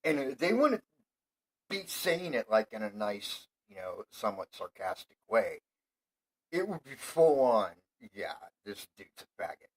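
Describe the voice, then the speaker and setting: A man hosting his own show, delivering a profane, rambling monologue that swears constantly and flares into heated yelling. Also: mid-range voice, sing-song, a little slow, breathy edge, rough recording.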